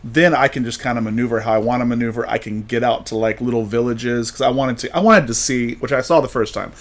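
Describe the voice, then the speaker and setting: With a medium-pitched voice and a quick pace, this American podcast host rambles through casual stories. He imitates the people he met, doing their voices as he quotes them.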